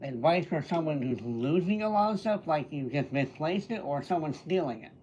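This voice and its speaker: A man's voice: on the high side, expressive, moderate pace, darkish tone, slight background noise. A man hosting a live stream, casually greeting viewers by name and answering their questions. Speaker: livestreamer and entertainer. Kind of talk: casual livestream chat answering viewer comments.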